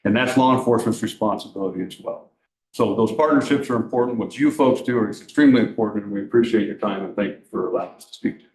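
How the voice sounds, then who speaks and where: A man addresses a council meeting with earnest conviction, posing rhetorical questions and pressing his point. He talks at a brisk clip. His voice carries the echo of a large room. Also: fairly low pitch, a little mellow. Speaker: law enforcement speaker. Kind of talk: public presentation at a council meeting.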